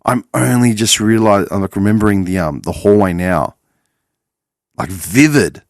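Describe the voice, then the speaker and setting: Rambling man, swearing, low voice. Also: lively intonation, normal speed, no echo, clean studio sound. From Australia. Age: 40s. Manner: meandering, swears freely, self-correcting. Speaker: podcast host. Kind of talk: casual rambling monologue.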